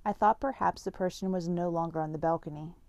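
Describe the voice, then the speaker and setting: A woman's voice: lowish voice, steady tone, quick pace, warm tone, no room sound. A woman reading a first-person story aloud in a plain, conversational way.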